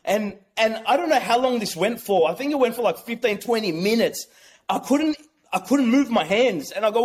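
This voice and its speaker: A man telling a personal story as an interview guest, excitable and rambling, with many restarts. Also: sits high, normal speed. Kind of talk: casual storytelling.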